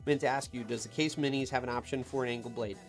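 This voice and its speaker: A man's voice: mid-range voice, fairly even intonation, fast. A man who runs heavy equipment, hosting a casual live stream Q&A. He reads viewer comments aloud and answers them with loose, chatty advice, talking from an equipment cab with faint music behind.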